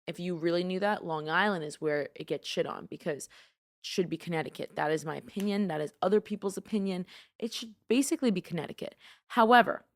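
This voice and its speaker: A young woman from New York, with the accent to match, hosts a casual solo podcast in a lowish voice at a quick pace. She rambles in an animated, opinionated way, saying "like" constantly.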